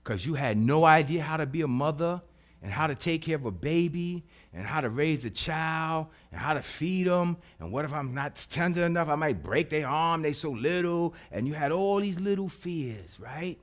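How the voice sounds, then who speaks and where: High-voiced pastor, hushed then booming. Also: male voice, animated, normal speed. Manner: dramatic swings from hushed to loud, emphatic repetition. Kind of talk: sermon. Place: church.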